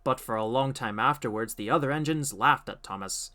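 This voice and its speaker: A man narrating a storybook audiobook with expressive, animated storytelling. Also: medium pitch, fairly quick, slight background noise.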